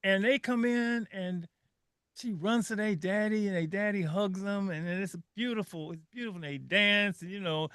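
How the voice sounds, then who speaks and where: A man's voice: high voice, moderate pace, a bit bright, smooth, dry recording, clean studio sound. An older man hosting a radio talk show, telling stories in an emotional, earnest way with frequent restarts.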